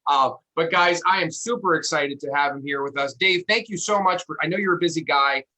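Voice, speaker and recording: An eager male podcast host with a somewhat high, bright, forward voice. He keeps breaking off and restarting as he asks his questions. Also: fairly quick, rough recording. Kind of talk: casual interview.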